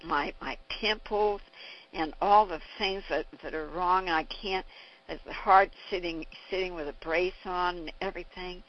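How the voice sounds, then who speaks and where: A miserable, sickly teenage boy, put on by a woman telling a story, whining through his stubborn refusals. His voice is slow, and the recording sounds dull and lo-fi. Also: lowish voice, steady tone, lightly acted.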